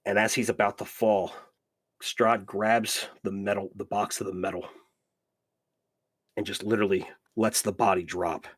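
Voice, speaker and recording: A man's voice: on the low side, flat delivery, normal speed, pauses often, slightly rough. A man running a tabletop game as dungeon master, narrating in a rambling way. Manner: rambling, repeats "you watch" and "literally".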